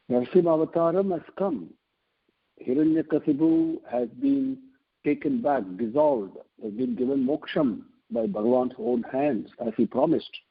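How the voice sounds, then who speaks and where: Husky man teaching over a phone line. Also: medium pitch. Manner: earnest, repeats and restarts phrases as he explains. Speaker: spiritual teacher. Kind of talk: devotional scripture discourse. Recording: telephone line.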